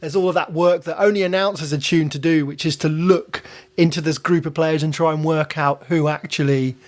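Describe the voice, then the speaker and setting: A man's voice: on the high side, fairly even intonation, a little fast. A man, a stadium announcer hosting a casual podcast, chatty and often restarting his words.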